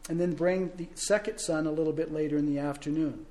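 A man voicing a stern town pastor with a great booming voice, in a sermon story. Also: fairly even intonation, fairly quick, dark tone, natural voice. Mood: firm. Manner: booming, raises voice.

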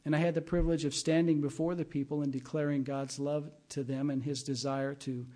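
This sermon comes from a middle-aged man, a pastor whose voice is a little high and warm. He keeps it conversational, mixing in anecdotes from his own life.

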